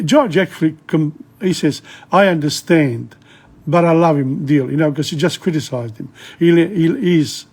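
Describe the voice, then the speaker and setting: A man's voice: fairly high pitch, a little mellow, breathy edge. A man teaching French from a play, reading lines and glossing them in English with chatty asides. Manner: chatty, laughs often, breaks off to explain. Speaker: language teacher.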